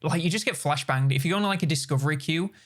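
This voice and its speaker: A man's voice: on the high side, fast talker, fairly bright tone. A man co-hosting a gaming podcast in casual chat, joking, laughing and swearing freely. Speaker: podcast co-host.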